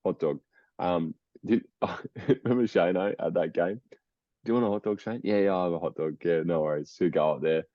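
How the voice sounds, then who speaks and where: A man's voice: low-pitched, a little fast, no room sound, dull audio. A young Australian man co-hosting a podcast, chatting casually and rambling, laughing often. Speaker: podcast co-host. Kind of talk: casual chat.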